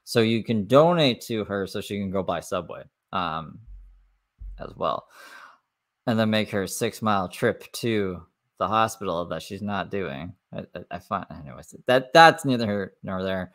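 A man's voice: lowish voice, animated, a little slow, a bit bright. A man hosting a livestream, reacting to clips with sarcastic, profane, mocking commentary. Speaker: commentary streamer.

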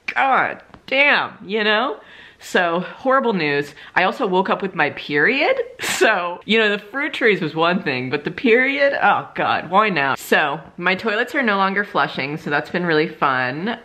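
A woman's voice: low voice, bright, forceful tone. A young woman vlogging casually at her rural home, chatty and candid, swearing freely and laughing often. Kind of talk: casual vlog talk to camera. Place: rural home during a power outage.

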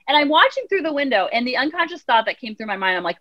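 Animated woman guest on a podcast, high and quick, on a dull lo-fi recording. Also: dry recording. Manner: animated, acts out quotes in voices. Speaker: child counselor and life coach guest. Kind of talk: podcast interview conversation.

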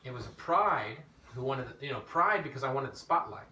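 A man preaching an informal teaching sermon, telling his own story in an animated way that rises when he gets emphatic. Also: medium pitch, a little fast. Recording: echoey room, mic at a distance, faint background noise.

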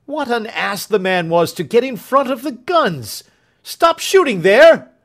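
A man voicing a blustering aristocratic hunter who talks loudly and in exclamations in an audiobook. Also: medium pitch, very animated, normal speed. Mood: angry. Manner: loud, exclaiming.

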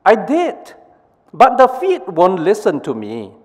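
A man's voice: high-pitched, wildly swooping pitch, slow, long reverb tail, pitched above the performer's own voice, full character voice. A man voicing a body's hands as a flustered, defensive figure.

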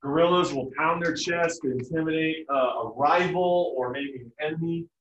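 In a slightly high, somewhat bright voice at a moderate pace, a man gives a jokey, casual biology lecture, performing family voices. The room sound is echoey, distant and dull.

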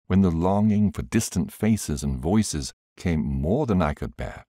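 Very deep-voiced man reading an audiobook. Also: animated, unhurried, warm tone, no room sound, studio quality. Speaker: audiobook reader. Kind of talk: scripted audiobook narration.

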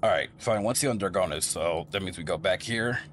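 A man's voice: deep voice, fairly quick, fairly bright tone, slight background noise. A man commentating casually over a game he is playing, rambling and thinking aloud. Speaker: gameplay streamer.

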